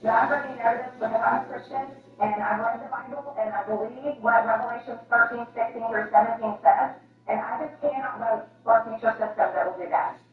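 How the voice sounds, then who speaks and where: A woman's voice: fairly high pitch, brisk. A woman in Congress speaking in an interview, urgent and emphatic, with an indignant edge. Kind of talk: political interview statement. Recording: echoey, distant, dull, faint music.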